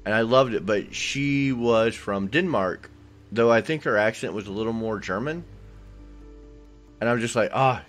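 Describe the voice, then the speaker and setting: A man's voice: on the low side, moderate pace, faint music behind. A man co-hosting a podcast, talking in a rambling, enthusiastic way full of fillers. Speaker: podcast co-host. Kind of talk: casual chat.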